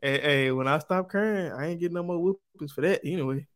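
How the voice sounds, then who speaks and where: A man, co-hosting a casual podcast. His voice sits a little high for a man. He is playful and slangy, and he laughs often as he tells stories. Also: fairly quick, a bit bright. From Mississippi, USA. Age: 20s. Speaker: podcast co-host. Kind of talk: casual chat.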